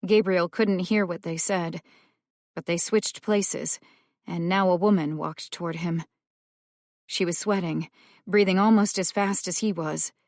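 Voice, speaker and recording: A woman narrating a suspense audiobook in a slow, measured way, drawing out the tension. Her voice sits somewhat low. The recording is close and dry, with no room sound. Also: steady tone, a little mellow, no echo. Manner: measured, tense storytelling. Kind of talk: scripted narration.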